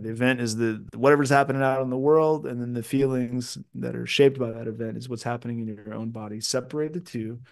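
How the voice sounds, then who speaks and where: A man coaching in a casual podcast conversation, reflective and quick to laugh, with many restarts. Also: mid-range voice, vocal fry. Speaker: self-mastery coach, guest.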